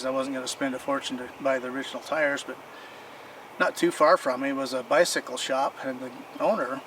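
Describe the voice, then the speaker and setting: A man's voice: mid-range voice, a bit bright. A man casually showing off his old bicycles and telling stories in a rambling, folksy way, recorded outdoors. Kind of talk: casual show-and-tell storytelling. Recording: distant mic with clear outdoor noise.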